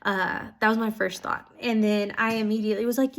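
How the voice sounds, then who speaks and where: A woman's voice: mid-range voice, steady tone, fairly quick, hardly any pauses. Earnest young woman vlogging. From Oklahoma. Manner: earnest, gushing, rambling with many fillers. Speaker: Bible school student. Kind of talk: casual personal vlog update.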